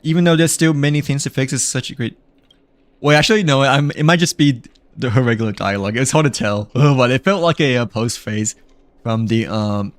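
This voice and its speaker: A man's voice: medium pitch, fairly quick, no echo. A man giving casual gameplay commentary, rambling with many fillers and little chuckles. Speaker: gamer.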